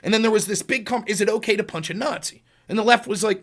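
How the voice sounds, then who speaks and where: A middle-aged man hosting a political talk show, telling stories and acting out quotes with sudden jumps in pitch and volume. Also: fast talker, hardly any pauses, a bit bright. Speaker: podcast host. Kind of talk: political commentary, storytelling.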